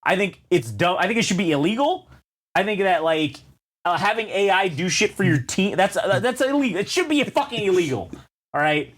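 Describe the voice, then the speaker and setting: A man's voice: high-pitched, lively intonation, a little fast, fairly bright tone, slightly rough. A man co-hosting a podcast in casual chat, profane and sarcastic, ranting in a garage. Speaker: podcast co-host.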